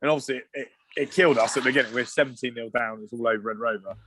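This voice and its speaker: A man in his thirties telling loose, animated rugby stories in casual podcast chat. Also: mid-range voice, racing, crowd noise. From England. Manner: animated, swearing anecdotes with asides and restarts. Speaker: guest, former rugby player.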